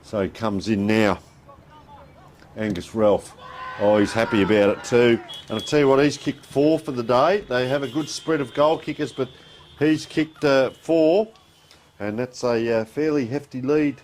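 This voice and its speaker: A man's voice: medium pitch, measured pace, a little hiss or hum. A man with an Australian accent calling a community football match live from the ground, easygoing and chatty, reading out scores between plays. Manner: relaxed, chatty play-by-play with score calls. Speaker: football commentator. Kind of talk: live sports commentary.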